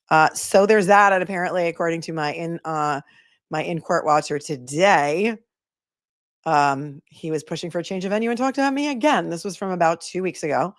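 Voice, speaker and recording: A woman's voice: low voice, dry recording, clean studio sound. Wry, chatty woman livestream host. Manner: chatty, wry, playful asides to viewers. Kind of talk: casual livestream chat.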